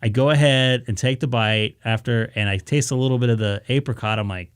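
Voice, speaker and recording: Man, casual storyteller, animated, dry close sound, mid pitch. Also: fairly quick, clean tone, dry recording. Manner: animated, acts out his own reactions, many restarts. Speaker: ham radio live streamer. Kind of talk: casual storytelling on a live stream.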